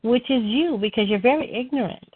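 A woman's voice: a little high, a little fast, slightly rough, no room sound, narrow, tinny audio. A woman from California on a phone chat line, indignant and retorting. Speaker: caller.

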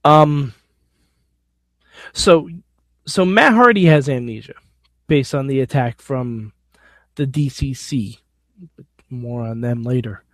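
A man's voice: mid-range voice, slow pace, pauses often, no echo, studio quality. A man hosting a podcast alone, giving a casual wrestling recap in an opinionated, blunt, sometimes profane way. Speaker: podcast host.

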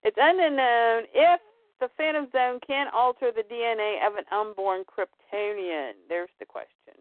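A woman's voice: fairly high pitch, dry recording. A woman chatting casually as a comic book podcast co-host, summing up a story and briefly acting out its characters. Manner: animated, acts out lines of characters in quick voices. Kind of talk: casual chat recapping comics. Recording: tinny phone-like dry sound.

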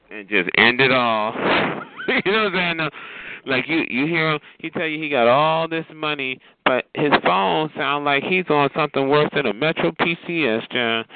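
A man telling a sassy, animated story in casual chat, calling listeners honey and child. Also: mid-range voice, dry recording. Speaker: chat line regular. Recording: tinny phone line.

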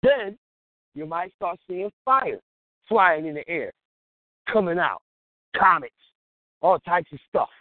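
A man's voice: high-pitched, animated, takes it slowly, pauses often, dry recording. Lay preacher, man, chatty and exhorting, tinny phone-like sound. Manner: conversational, exhorting, laughs between points. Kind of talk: informal sermon-style monologue. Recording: tinny phone-like dry line.

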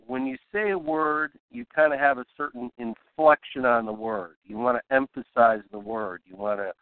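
A man's voice: mid-range voice, no echo. Male host, casual how-to lesson, rambling with fillers, tinny phone-like sound, dry. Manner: relaxed, rambling, many fillers. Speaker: podcast host teaching broadcasting. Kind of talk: casual instructional talk.

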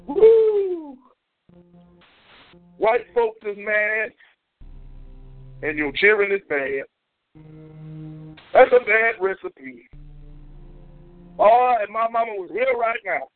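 A man hosting a call-in comedy show, ranting loudly and profanely with whooping shouts, heard over a tinny phone line. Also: sits high, slow pace, long pauses, faint music behind. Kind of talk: comedic call-in radio rant.

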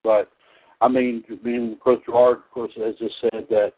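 Easygoing male show host, middle pitch, tinny phone-line sound. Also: level tone, normal speed. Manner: chatty, repetitive, laughs easily. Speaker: podcast host. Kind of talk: casual chat show hosting.

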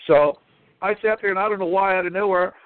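A man's voice: high voice, moderate pace, dry recording. Man telling a story over a phone line. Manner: animated, retells his own dialogue. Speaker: caller. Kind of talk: call-in storytelling.

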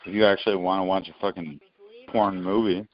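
A man's voice: low voice, steady tone, muffled recording. A man in casual, crude podcast chat, blunt and profane in his remarks. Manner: blunt, profane, quick to laugh along.

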